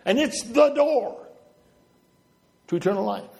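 A man's voice: very high voice, lively intonation, a little slow, creaky, darkish tone. A middle-aged male preacher from New Brunswick, Canada, giving a sermon and telling stories while walking back and forth and illustrating with gestures.

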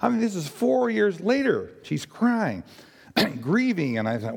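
An older man giving a personal testimony in a halting, earnest way with many restarts. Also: high-pitched, very animated, creaky, slightly rough. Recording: long hall reverb.

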